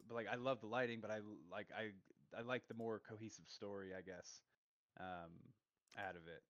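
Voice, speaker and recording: A man co-hosting a casual film review chat, halting and hedging as he gives his opinions. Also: lowish voice, fairly bright tone, clean tone, dry recording, dull audio. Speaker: podcast co-host.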